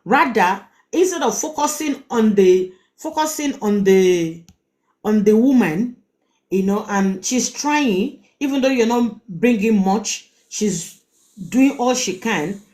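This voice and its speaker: A middle-aged woman with a Nigerian accent hosts a live-stream relationship advice session, addressing her audience directly. She drives her points home forcefully, repeating words and posing rhetorical questions. Her voice is of ordinary female pitch with a darkish tone, and she sounds animated while speaking slowly.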